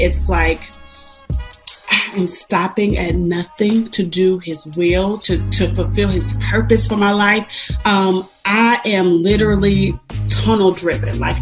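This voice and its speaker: Emotional woman giving a faith testimony. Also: fairly low pitch. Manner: emotional, faith-filled, reflective with laughs. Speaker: podcast guest. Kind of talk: testimonial interview talk.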